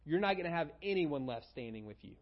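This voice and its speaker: A man's voice: on the high side, lively intonation, fast, muffled recording, natural voice. A man voicing a stern male army commander who bluntly rebukes his king. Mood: scolding.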